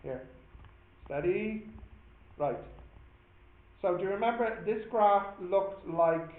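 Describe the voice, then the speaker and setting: A man's voice: high voice, slow pace. A man with an Irish accent teaching a maths class, chatty and joking as he explains patiently. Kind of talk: classroom lesson. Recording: echoey classroom on a tinny phone-like line.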